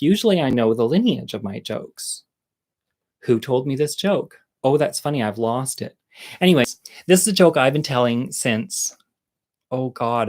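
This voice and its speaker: Male host telling jokes, chatty and campy, keeps derailing himself. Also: medium pitch. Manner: rambling, campy, self-interrupting. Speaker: host and storyteller. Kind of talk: stand-up joke telling.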